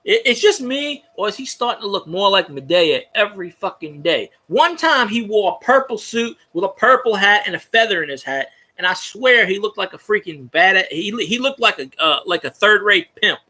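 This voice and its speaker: A man's voice: high voice, very animated, moderate pace, hardly any pauses, sharp tone. A young man in casual sports talk, ranting with profanity and frequent stumbling restarts.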